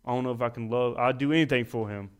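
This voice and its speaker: A man's voice: mid-range voice, fast talker, clean tone. A young man preaching a sermon in a folksy, self-deprecating way, rising to emphatic peaks.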